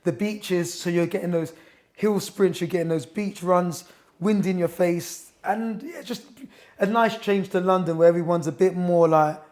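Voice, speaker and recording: A man's voice: high voice, moderate pace, a little mellow. A man in his thirties, a boxing coach and author, telling stories as a chatty, enthusiastic guest in a gym. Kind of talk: casual interview chat.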